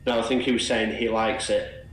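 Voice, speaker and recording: A man's voice: lowish voice, flat delivery, brisk, fairly bright tone, reverberant, a little hiss or hum. A man bantering among flight sim friends, teasing and matter-of-fact. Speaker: flight sim group member. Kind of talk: casual banter.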